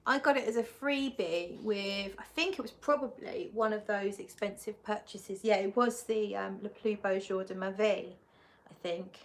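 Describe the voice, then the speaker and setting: A woman's voice: medium pitch, normal speed. A woman hosting a live stream, chatting casually as she reads out viewer comments, giggly and often correcting herself. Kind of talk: casual chat.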